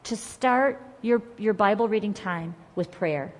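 A woman teaching a Bible study class in an earnest, conversational and encouraging way, reading scripture aloud slowly and with emphasis. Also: mid-range voice, in a large hall.

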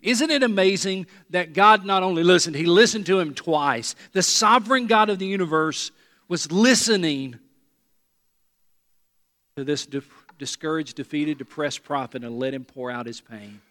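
A man's voice: fairly high pitch, normal speed, a bit bright. Pastor guy preaching, earnest, repeats stuff for emphasis, lots of reverb from a big hall. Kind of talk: sermon. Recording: long reverb of a large hall.

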